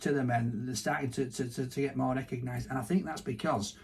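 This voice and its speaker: A man's voice: medium pitch, fairly even intonation, a little fast, creaky, a little mellow. A man with a Barnsley Yorkshire accent co-hosting a casual interview, chatty and self-mocking, full of restarts. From Yorkshire, England. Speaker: podcast co-host.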